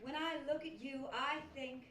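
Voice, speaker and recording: A woman's voice: high voice, steady tone, normal speed, distant mic, a loud crowd, close to an everyday voice. A woman playing an earnest daughter speaking sentimentally to her mother in a sketch. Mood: sincere. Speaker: child in a mother's day sketch. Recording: roomy stage audio with loud audience.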